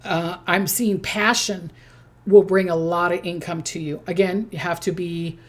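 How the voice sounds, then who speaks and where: A middle-aged woman talks through a zodiac forecast in a loose, chatty way, with a somewhat low voice. She keeps checking in with listeners and drops into quick mimicked voices now and then. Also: fairly even intonation. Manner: chatty, repeats "okay?", acts out quick voices. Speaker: psychic doing zodiac forecasts. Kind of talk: casual spoken forecast to camera.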